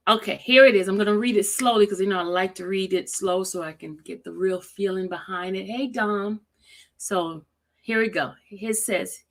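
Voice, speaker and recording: A woman hosting a casual livestream, greeting viewers by name and reading slowly and deliberately. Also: lowish voice, a bit bright. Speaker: livestream host.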